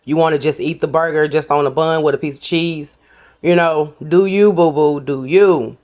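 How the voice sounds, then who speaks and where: A female cooking vlogger, low-pitched and a little mellow, speaks at a normal speed with fairly even intonation. She builds and samples a burger, chatting casually and calling viewers "y'all."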